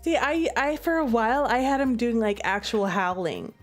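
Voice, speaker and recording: A woman's voice: a little high, expressive, moderate pace, soft background music. A woman streamer in casual chat at home, playful and giggly as she chats with her pets and coaxes them. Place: room at home.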